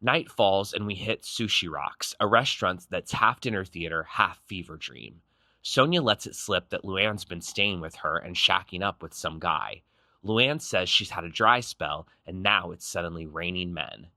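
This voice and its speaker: Man, low voice, bright edge, dry close sound, snarky recap narration, punchy quips. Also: expressive, normal speed, no echo. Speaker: recap show host.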